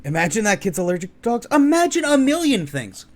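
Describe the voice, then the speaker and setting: A man delivering opinionated reaction commentary in a sarcastic, swearing rant. His voice is fairly high for a man and very animated, jumping up and down constantly. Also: brisk, slight background noise. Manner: ranting, sarcastic, profane. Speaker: online commentator.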